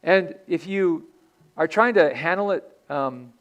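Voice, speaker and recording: Guy pastor preaching in church, talks casual and earnest, lots of restarts, slightly high voice. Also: a little slow, fairly bright tone, dull audio. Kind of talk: sermon.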